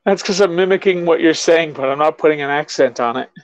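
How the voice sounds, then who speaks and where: A man's voice: on the high side, fast, no echo, low-quality recording. A man hosting a podcast, chatting casually, teasing his guest and swearing freely. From New York State, USA. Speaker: podcast host. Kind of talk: casual chat.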